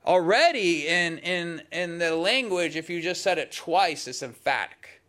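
A man preaching a sermon in a conversational, emphatic way, dropping suddenly to soft, low asides. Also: expressive, unhurried.

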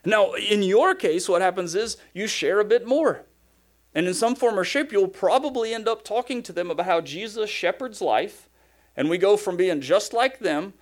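A man's voice: high-pitched, expressive, normal speed. A man preaching a sermon as a pastor, conversational and emphatic, driving points home with repeated phrases.

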